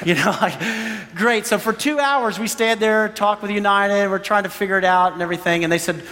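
Man, pastor, sermon storytelling, animated, acts out quotes, high voice, reverberant hall. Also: quick pace.

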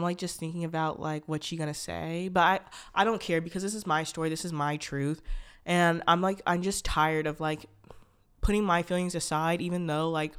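A woman's voice: low-pitched, fairly bright tone, clean tone. A young woman hosting a podcast, telling a personal story in a rambling, candid way, full of "like" fillers, restarts and blunt swearing. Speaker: podcast host.

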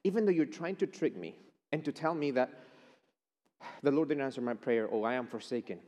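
A man's voice: mid-range voice, animated, a little fast, warm tone, in a large hall. A man preaching a chapel sermon, emphatic and declaring. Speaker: chapel speaker.

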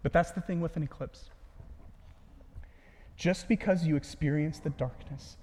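Male pastor, high voice, earnest delivery that falls to a hush at phrase ends, long reverb around him. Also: unhurried. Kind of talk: sermon.

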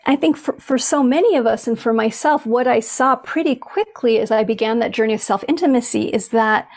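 A woman talking earnestly and reflectively about inner life in a conversation, thinking aloud with frequent restarts. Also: fairly high pitch. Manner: earnest, searching, with many restarts.

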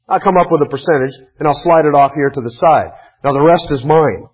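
Husky high-voiced male pastor preaching. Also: fairly quick, dull audio. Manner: earnest, emphatic, reads scripture aloud. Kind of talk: sermon.

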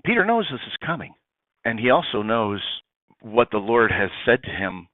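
A priest telling a story in a lively way, acting out the dialogue. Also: male voice, fairly low pitch, moderate pace, no echo. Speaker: priest guest. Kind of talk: animated conversational reflection. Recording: tinny phone-like sound, dry.

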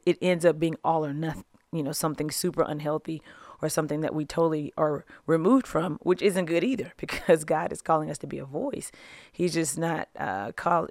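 A woman hosting a devotional podcast, teaching from scripture in a casual, animated way, often laughing and acting out little quotes. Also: deep voice, no room sound, clean studio sound. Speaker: podcast host and Bible teacher.

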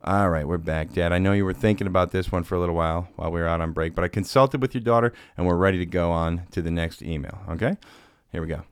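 A man's voice: low voice, fairly even intonation, quick pace, hardly any pauses, smooth, no room sound, clean studio sound. A man hosting a podcast, telling rambling, self-deprecating stories in casual chat. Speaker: podcast host.

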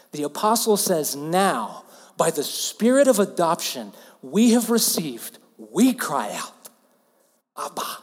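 A man in his thirties from Alabama with a Southern US accent, preaching a sermon earnestly and dropping to hushed softness for emphasis. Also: high voice, long reverb tail. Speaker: pastor.

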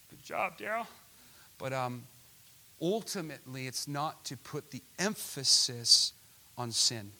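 A man preaching a sermon who asks his listeners rhetorical questions and builds to passionate shouts. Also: fairly high pitch. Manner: impassioned, rising to shouts at climaxes.

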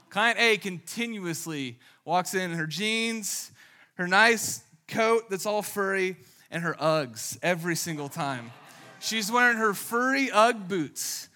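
Man, pastor, casual sermon, animated storytelling, fairly high voice, bright tone. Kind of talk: conversational sermon.

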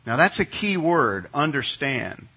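A middle-aged man, a pastor, preaching a sermon in a relaxed, conversational way, telling a family story with frequent restarts and fillers. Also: on the high side, a little slow, husky, highs cut off. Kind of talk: sermon with personal anecdote. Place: church sanctuary.

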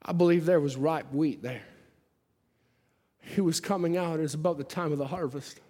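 A man's voice: on the high side, normal speed, warm tone. A man preaching a sermon to a church congregation, with a fervent cadence and repeated rhetorical questions. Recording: long hall reverb, faint music behind.

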